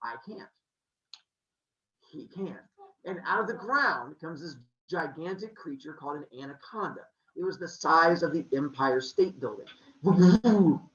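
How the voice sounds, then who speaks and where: A man hosting a podcast, telling a myth in a playful, animated way with jokey asides. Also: fairly high pitch, a little slow. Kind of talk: comic storytelling. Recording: roomy, slightly muffled.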